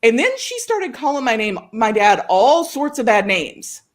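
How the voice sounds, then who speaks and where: Woman, slightly high voice, animated storyteller, laughs often, casual chat. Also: measured pace. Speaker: co-host of a writing show.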